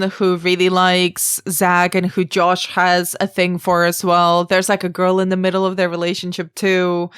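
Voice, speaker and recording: A woman's voice: medium pitch, fairly bright tone, clean tone, no echo, studio quality. A woman co-hosting a podcast, thoughtfully analysing a film and asking questions. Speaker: podcast co-host. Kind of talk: casual film discussion.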